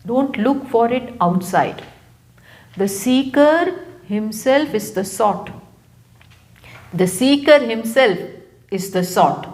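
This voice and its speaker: A woman with an Indian English accent giving a live scripture lecture as a spiritual teacher, unhurried and repeating key phrases for emphasis. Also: a little high, lively intonation, a little mellow. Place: live talk venue.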